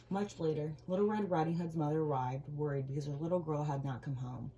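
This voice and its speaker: A woman reading a children's storybook aloud with gentle, expressive storytelling. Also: low-pitched, fairly quick, few pauses, a little hiss or hum, poor audio.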